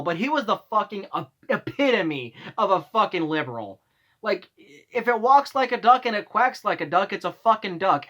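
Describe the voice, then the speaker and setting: A man's voice: sits high, bright, forceful tone. A young man vlogging, telling workplace stories in a casual, exasperated rant full of swearing. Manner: profane, exasperated ranting.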